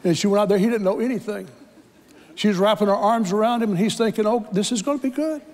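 A man's voice: high voice, quick pace, long reverb tail, background noise. A man preaching a sermon, telling a story dramatically and acting out the voices in it. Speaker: pastor. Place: church sanctuary.

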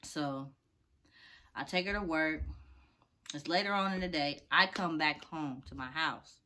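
A woman telling a personal story in a casual, animated way, acting out the other people's voices. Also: sits low, unhurried.

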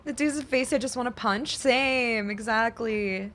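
A woman's voice: on the high side, measured pace, fairly bright tone. A woman streaming a video game, chatting casually with her viewers, laughing and swearing as her voice gives out. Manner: chatty, laughs a lot, swears, talks to chat. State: losing her voice. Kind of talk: casual live-stream commentary.

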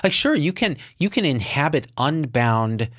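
A man, a guest in a casual interview, talking in an animated, reflective and joking way. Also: fairly high pitch, measured pace, no echo, clean studio sound. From United States.

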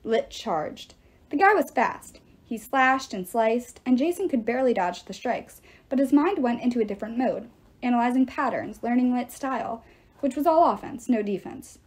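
A woman reading a novel aloud with expressive, dramatic narration. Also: a little high, moderate pace, husky. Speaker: audiobook reader.

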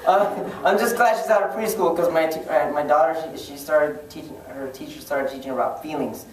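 A man's voice: on the high side, a little fast, a crowd in the background. A man from Hawaii performing a laid-back, self-deprecating stand-up comedy set in a library event room. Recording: echoey room from a distant mic, noisy.

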